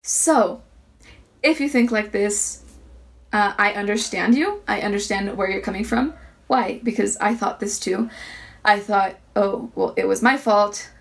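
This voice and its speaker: Earnest woman with a gravelly voice. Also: mid-range voice, slight background noise. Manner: earnest, halting, emphatic. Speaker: vlogger. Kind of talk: personal story to camera.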